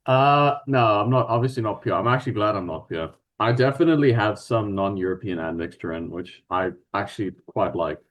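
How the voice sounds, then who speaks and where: A man's voice: fairly low pitch, fairly quick, few pauses. A man with an Afrikaans South African accent talks in a loose, casual way. He stumbles and restarts as he explains things and drops swear words without much thought. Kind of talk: casual chat.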